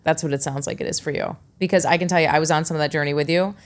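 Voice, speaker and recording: A woman's voice: low-pitched, fairly even intonation, racing. A woman hosting a podcast interview, chatty and encouraging, casually blunt in her wording. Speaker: podcast host.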